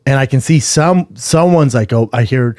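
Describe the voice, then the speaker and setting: A man's voice: mid-range voice, moderate pace, darkish tone, dry recording, studio quality. A man co-hosting a podcast, telling a rambling, profane story in casual chat and acting out what people said. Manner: rambling anecdote, swears, acts out quotes. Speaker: podcast co-host.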